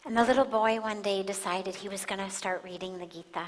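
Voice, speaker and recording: A woman giving a spiritual talk, calm and measured, pausing for emphasis as she tells a story. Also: mid-range voice, slight background noise. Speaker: spiritual teacher. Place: large satsang hall. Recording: long hall reverb.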